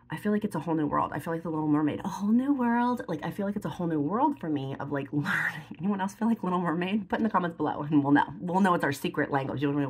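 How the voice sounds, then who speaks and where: Deep and husky, a vlogger's voice carries casual talk to the camera while she does her makeup. The beauty and lifestyle creator is chatty and emotional, sometimes tearful, with frequent fillers like "like."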